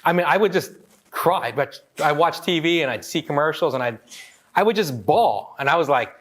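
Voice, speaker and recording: A man in his forties from Hawaii giving a lively motivational talk, joking with the audience and acting out quotes. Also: on the high side, normal speed. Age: 40s. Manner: animated, joking, acts out quotes. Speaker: motivational speaker.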